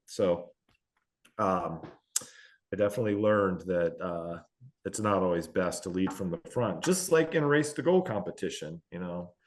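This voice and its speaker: A man in his forties, a veteran endurance athlete, telling candid, self-deprecating stories in a casual interview, with many fillers. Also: fairly low pitch. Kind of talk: casual storytelling in a podcast-style interview.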